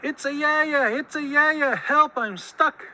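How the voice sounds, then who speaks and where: A man's voice: extremely high pitch, lively intonation, measured pace, sharp tone, a little hiss or hum, pitched above the performer's own voice, full character voice, rough recording. A man voicing a small, conceited male muskrat who cries out anxiously for help. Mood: panicked. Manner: anxious, crying out.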